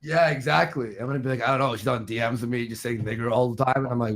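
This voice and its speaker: A man's voice: mid-range voice, steady tone, fast talker, few pauses, a bit bright. A man joking boastfully and provocatively in casual livestream banter. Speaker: streamer guest.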